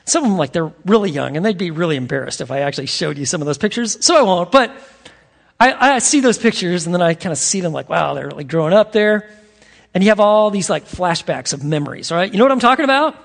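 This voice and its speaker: A man's voice: high-pitched, animated, quick pace, vocal fry. A man preaching a sermon as pastor, telling stories in a casual, chatty way with many fillers.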